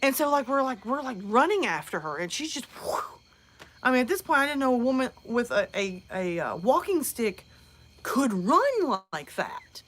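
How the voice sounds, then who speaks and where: A mother hosting a live show, telling a comic story in a lively, chatty way with lots of fillers. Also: high-pitched, brisk. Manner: animated, many "like" fillers, acts out voices.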